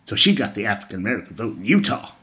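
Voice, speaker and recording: A man's voice: lowish voice, big pitch swings, very fast, bright, forceful tone. A young man giving a casual vlog rant on the news, blunt and sarcastic, swearing freely. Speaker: political commentator.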